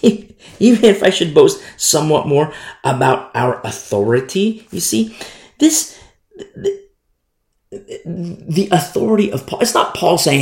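A man preaching a sermon with passion, swinging between loud and soft and repeating words for emphasis. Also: a little slow, creaky, roomy sound. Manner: impassioned, emphatic preaching with big swings in pitch and loudness; repeats words for emphasis, acts out quoted voices. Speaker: pastor.

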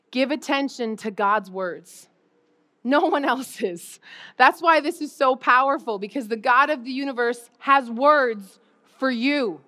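A woman pastor preaching a conversational sermon, animated and often laughing as she acts out everyday moments. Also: high voice, unhurried. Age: adult parent.

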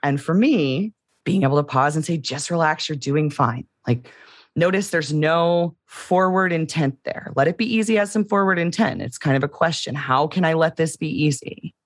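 A woman's voice: low voice, moderate pace, no room sound, clean studio sound. A woman co-hosting a podcast, talking candidly and reflectively in casual conversation. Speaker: podcast co-host.

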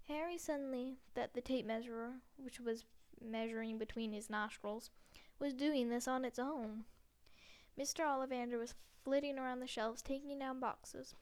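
A woman reads a novel aloud as narrator, plainly and steadily. Her voice is high and smooth, clear on every word. She stumbles now and then and corrects herself mid-sentence. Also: fairly even intonation, moderate pace. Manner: plain reading with frequent slips and self-corrections. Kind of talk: audiobook reading of a novel.

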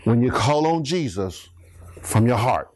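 A man preaching a sermon, emphatic and bantering with his congregation, rising to shouts on key words. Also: mid-range voice, expressive, unhurried.

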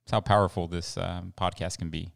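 Low-voiced man co-hosting a podcast. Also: steady tone, brisk, creaky. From El Paso, Texas. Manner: rambling, chatty, many fillers and restarts. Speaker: podcast co-host. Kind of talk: casual podcast chat.

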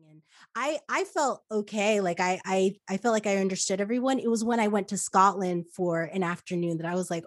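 A woman's voice: medium pitch, fairly quick, no echo, studio quality. Chatty American woman podcast host. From United States. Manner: chatty, many "like" fillers. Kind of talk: casual interview chat.

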